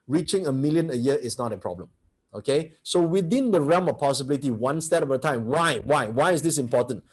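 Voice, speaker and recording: A man teaching a motivational seminar, blunt and brash, who keeps firing rhetorical questions at his audience. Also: mid-range voice.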